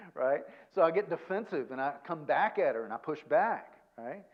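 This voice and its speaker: A man's voice: on the high side, lively intonation, a little fast. Chatty male seminar speaker, lo-fi. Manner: chatty, self-deprecating, peppers points with "okay?" and "right?". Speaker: guest speaker and counselor. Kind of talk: conversational seminar talk to a church audience.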